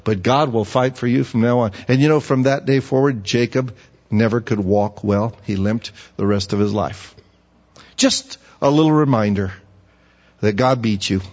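A man preaching a sermon, asking his listeners questions and getting animated when he acts out a pleading voice. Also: moderate pace. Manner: animated, rising high when acting out pleading; asks the audience questions. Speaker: pastor. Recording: dull, echoey hall.

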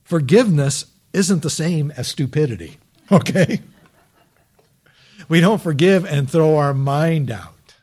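A man's voice: mid-range voice, darkish tone, slightly rough. A pastor giving a sermon in a conversational preaching manner, often posing rhetorical questions to his listeners.

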